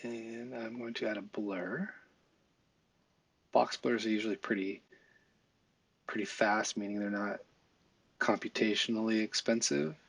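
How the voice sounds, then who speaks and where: Low gravelly guy doing a screen tutorial, kinda husky, chill and rambly, dry close sound. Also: fairly even intonation, measured pace, pauses often, fairly bright tone, dry recording. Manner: casual, thinking aloud with fillers and asides. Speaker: visual effects tutorial instructor. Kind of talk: screen-recorded software tutorial.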